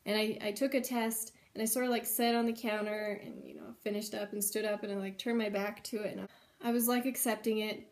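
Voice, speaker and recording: A woman's voice: mid-range voice, sing-song, a little fast, a little mellow. A young adult woman telling a personal story at home in an earnest, chatty way, full of "like" and "um". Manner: chatty, heavy use of "like" and "um"; earnest, emotional retelling. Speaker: vlogger sharing a personal story.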